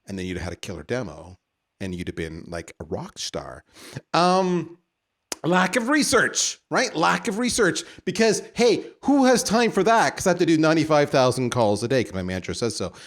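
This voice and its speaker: Canadian guy hosting a podcast, going off on a rant, voice all over the place, kinda high, hamming it up. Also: very animated, normal speed. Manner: theatrical, teasing, builds up to punchlines. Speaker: podcast host. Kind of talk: ranting podcast monologue.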